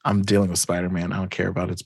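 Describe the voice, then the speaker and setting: A man voicing a menacing male crime boss in a casual comic recap, with flat, matter-of-fact threats. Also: sits low, racing, husky, dry recording, clean studio sound. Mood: cold.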